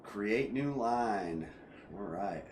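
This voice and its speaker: A man streaming casual gameplay commentary who rambles with many fillers and restarts and gets excited and loud about cars. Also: fairly low pitch, very slow, slight background noise.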